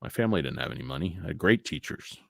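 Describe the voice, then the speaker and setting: A man's voice: low voice, animated, rapid-fire, gravelly, dry recording. A man hosting a stock market show, talking casually with blunt, profane opinions and rambling asides full of fillers. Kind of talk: casual livestream rant.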